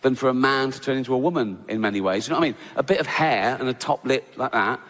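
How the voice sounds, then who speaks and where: A man's voice: mid-range voice, fast talker, fairly bright tone. A man doing stand-up comedy, rambling through self-interrupting asides and laughing at his own jokes. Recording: reverberant hall with audience noise.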